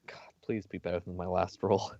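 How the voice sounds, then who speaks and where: A man's voice: low-pitched, little pitch movement, fairly quick, creaky, warm tone, no room sound. Chill guy at the game table, joking, muffled dry audio. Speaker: player. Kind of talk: casual tabletop play.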